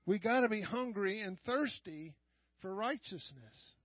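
An older man leading fervent prayer and preaching at a church service, often shouting and repeating lines of praise. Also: high voice, lively intonation, measured pace, husky, no echo, dull audio.

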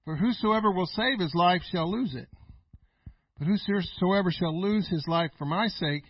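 A middle-aged male pastor preaching a folksy sermon, laughing often and swinging between loud and quiet. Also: high-pitched, measured pace, slightly rough, dry recording, lo-fi sound.

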